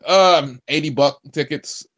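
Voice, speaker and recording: A man, an excitable co-host in a casual wrestling chat who swears a lot. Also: fairly high pitch, moderate pace, highs cut off. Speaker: podcast co-host.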